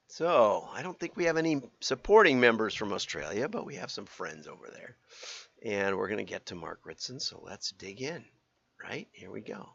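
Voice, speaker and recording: A man hosting a casual livestream with a gravelly, bright voice. He rambles, restarts his sentences and chuckles as he goes. The audio is dry and a little dull. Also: on the low side, big pitch swings, normal speed, dry recording. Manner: rambling, self-correcting, chuckling. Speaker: livestream host.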